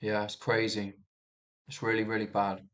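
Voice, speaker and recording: Riffing on the news in a loose, unscripted monologue, a male commentator gets heated, stumbles, restarts his sentences often and swears freely. His lowish, slightly bright voice keeps a level tone and moderate pace in this casual rambling talk.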